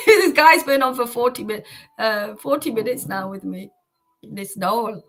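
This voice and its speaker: Bright-voiced woman hosting a devotional livestream. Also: a little high, expressive, unhurried, poor audio. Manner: rambling and fervent, full of "you know". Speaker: host of a devotional chanting livestream. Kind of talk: casual livestream chat.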